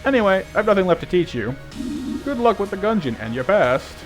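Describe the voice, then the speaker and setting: A man's voice: high-pitched, big pitch swings, brisk, pitched above the performer's own voice. A man putting on a bitter old knight. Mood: wry. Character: bitter disgraced old male knight, resentful. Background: game music.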